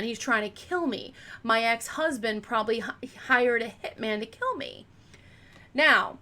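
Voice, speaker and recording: A woman with a fairly high, somewhat bright voice relates a case on her true crime channel. She's chatty and meandering, with lots of fillers and asides, and her voice cracks slightly.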